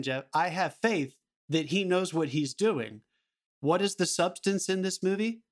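A man co-hosting a podcast, talking about a film in an animated, emphatic way and swearing freely. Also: a little high. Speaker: podcast co-host. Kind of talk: casual film discussion.

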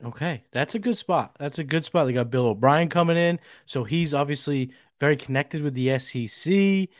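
A man's voice: a little high, normal speed, no echo, clean studio sound. A man with a slight Boston accent co-hosting a fantasy football show, talking in a loose, bro-ish way and swearing for emphasis. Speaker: podcast co-host. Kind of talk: casual fantasy football draft talk. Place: outdoors, getting dark.

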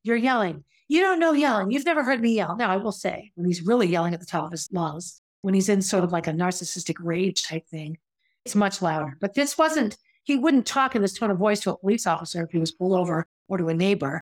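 A woman's voice: lowish voice, fast talker. A woman telling her own story in a candid, conversational way, reflective and confessional, often restarting her sentences. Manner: conversational, with frequent restarts and asides.

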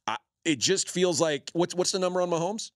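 A man's voice: high-pitched, expressive, fairly quick, no echo, studio quality. A man hosting a sports betting talk show, making his points in a casual, opinionated way. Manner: opinionated, emphatic.

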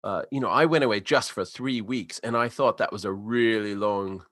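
A man's voice: lowish voice, moderate pace, fairly bright tone, no room sound. An American man in casual conversation, telling a long story with plenty of likes and you-knows. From United States. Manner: rambling with many fillers and restarts. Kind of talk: casual chat.

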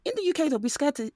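A woman co-hosting a podcast in casual chat, talking in an animated way and mimicking the people she quotes. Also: high voice, no room sound, clean studio sound.

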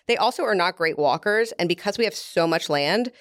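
A woman's voice: on the low side, animated, fairly quick, fairly bright tone, no room sound. A woman, a beef company representative, explaining at length in a casual interview, with frequent fillers.

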